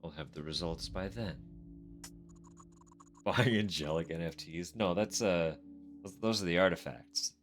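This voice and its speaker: A man's voice: low voice, measured pace, pauses often, faint music behind. A man streaming a game, reading the characters' dialogue aloud and breaking off to laugh and joke. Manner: reads dialogue in a flat voice, breaks into laughs and swearing. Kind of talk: let's play, reading in-game characters' lines with live commentary.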